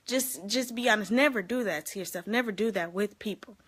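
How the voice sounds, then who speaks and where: A woman vlogging casually to her viewers, giving life advice in an animated, chatty way and laughing often. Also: medium pitch, brisk. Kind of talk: casual talk to camera.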